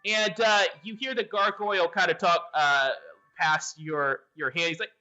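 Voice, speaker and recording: A man's voice: sits high, steady tone, unhurried, bright, forceful tone, faint music behind. A man running a tabletop game as game master, narrating with lots of hesitant fillers. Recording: dull lo-fi audio.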